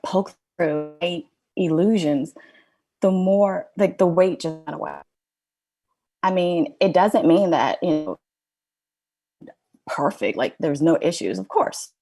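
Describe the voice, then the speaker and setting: A middle-aged woman with a fairly low voice tells a personal story as a podcast guest. She is candid and rambling, and she leans on "like" and "you know" as she goes. The talk is loose and conversational. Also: darkish tone.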